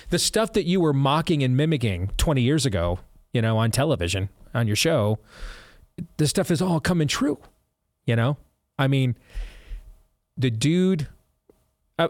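A man's voice: on the high side, no echo, clean studio sound. A male talk show host chatting casually and reading an ad, rambling and breaking off into asides. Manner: rambling, self-interrupting, chuckling asides. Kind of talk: casual talk radio chat and ad read.

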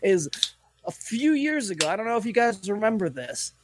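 A man co-hosting a casual sports podcast, talking in animated, laughing, profane banter. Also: high-pitched, normal speed, noisy background. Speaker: podcast co-host.

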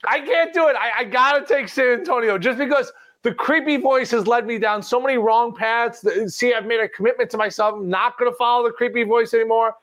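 A man on a sports betting panel, telling stories in an animated, self-deprecating way. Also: extremely high pitch, a little fast. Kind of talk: casual panel chat.

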